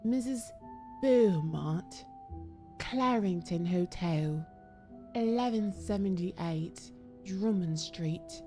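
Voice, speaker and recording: A woman voicing a prim woman writing a secret love letter, in a put-on posh British accent with a slow, mock-formal delivery. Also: fairly low pitch, mellow, soft background music. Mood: secretive.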